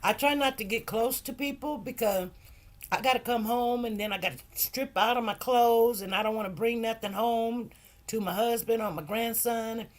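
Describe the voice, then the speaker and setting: A woman's voice: fairly high pitch, normal speed. Emphatic middle-aged woman chatting live. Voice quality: emphatic, preachy storyteller. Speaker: livestream host. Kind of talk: casual livestream chat.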